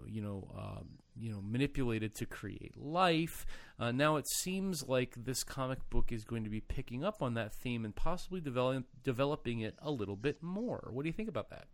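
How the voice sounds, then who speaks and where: A man hosting a casual podcast chat, joking playfully and often filling pauses with um and uh. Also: medium pitch, dry recording. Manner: playful, quick joking delivery with many fillers. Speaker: podcast host.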